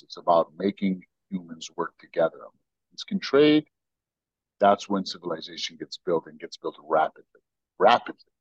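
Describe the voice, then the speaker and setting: An American man, a podcast guest, telling stories and arguing his views in an animated, opinionated way. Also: low voice, breathy edge, no echo, muffled recording. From United States. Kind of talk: casual podcast interview.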